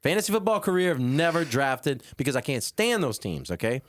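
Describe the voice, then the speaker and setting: In a dry recording, a podcast host and DJ with a mid-range voice talks briskly through a casual chat. He's an animated storyteller who voices his friends' lines himself.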